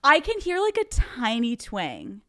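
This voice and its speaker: Chatty woman host, slightly high voice. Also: huge pitch swings, measured pace, a bit bright. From outside Philadelphia. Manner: chatty and swearing freely. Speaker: podcast host. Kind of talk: casual interview chat.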